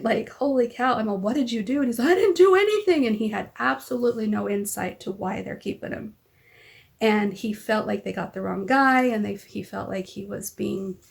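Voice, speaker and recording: A woman's voice: medium pitch, creaky. A mother talking in a casual personal vlog, telling a long rambling story and acting out what others said. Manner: rambling storytelling, acts out quoted dialogue. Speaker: vlogger.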